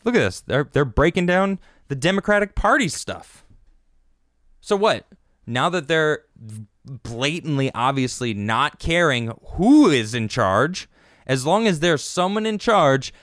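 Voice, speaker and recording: A man's voice: medium pitch, fairly bright tone, dry recording, clean studio sound. A man hosting his own political commentary podcast, delivering a sarcastic, mocking rant. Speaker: podcast host.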